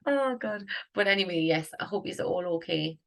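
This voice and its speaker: A woman's voice: fairly low pitch, fairly even intonation, brisk, gravelly, fairly bright tone, poor audio. A woman, rambling and thinking aloud in a casual vlog. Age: 30s. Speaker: singer vlogging.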